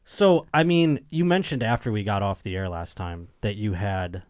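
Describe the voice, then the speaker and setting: A man's voice: on the low side, normal speed, dry recording. A man hosting a podcast, asking questions and trading dry jokes in a casual chat. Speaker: podcast host. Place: podcast studio.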